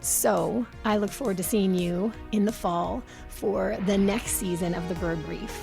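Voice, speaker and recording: A woman's voice: medium pitch, steady tone, a little slow, creaky, over music. Woman podcast host, bird expert, informal teaching tone, chatty with a few fillers. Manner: chatty, explains plainly with some fillers. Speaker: podcast host and avian ecologist.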